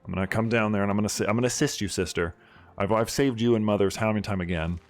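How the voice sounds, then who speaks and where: A man hosting a strategy game playthrough, chatting casually and bursting into loud mock outrage and cheering. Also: fairly low pitch, rapid-fire, soft background music. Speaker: gaming video host. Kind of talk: casual let's-play commentary.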